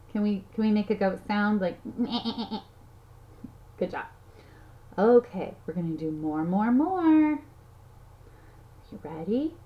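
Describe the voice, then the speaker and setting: A woman giving a playful lesson to toddlers, counting aloud and making animal sounds in a sing-song way. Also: mid-range voice. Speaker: children's teacher. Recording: slightly dull audio, faint noise.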